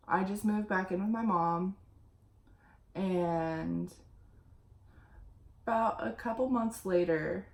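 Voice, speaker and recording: A woman's voice: on the low side, creaky. A young woman telling a rambling, chatty story while getting ready on her vlog. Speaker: vlogger. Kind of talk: get-ready-with-me story time.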